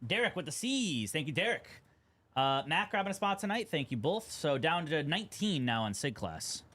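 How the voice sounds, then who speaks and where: A young man with a slightly high voice, speaking at a normal pace, hosts a live card-breaking stream. He chats casually and gets excited over big pulls.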